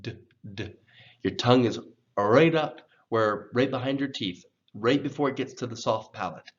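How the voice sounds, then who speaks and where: A man teaching English pronunciation in a slow, careful lesson, patiently repeating words for learners. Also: mid-range voice. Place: church program video. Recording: dull, lo-fi sound.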